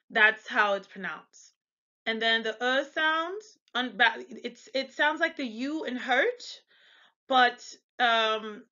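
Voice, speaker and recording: Bright-voiced American woman teaching pronunciation. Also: a little high, dull audio. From United States. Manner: chatty, repeats example words slowly. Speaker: language tutor. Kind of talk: pronunciation lesson.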